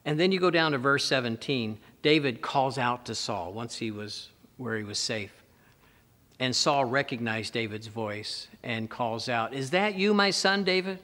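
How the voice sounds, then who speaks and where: A man's voice: mid-range voice, unhurried, bright, forceful tone, long reverb tail. A man preaching a sermon as a pastor, emphatic and repeating words for stress.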